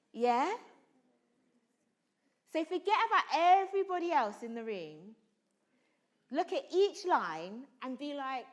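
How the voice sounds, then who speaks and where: A woman leading a drama workshop for students, coaxing the group with constant questions and urging them to be bold. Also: high voice. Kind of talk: energetic acting workshop coaching. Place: school hall or conference room.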